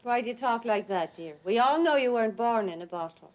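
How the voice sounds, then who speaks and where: An actress playing an anxious, long-suffering wife, coaxing and fretful. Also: female voice, fairly high pitch, animated, fairly quick, lightly acted. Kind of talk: stage play acting.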